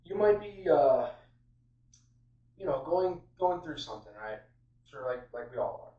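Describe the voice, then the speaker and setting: A man's voice: mid-range voice, sing-song, measured pace. A man giving an informal sermon on a Bible passage, conversational and full of fillers and restarts. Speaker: preacher. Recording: roomy, distant, dull sound.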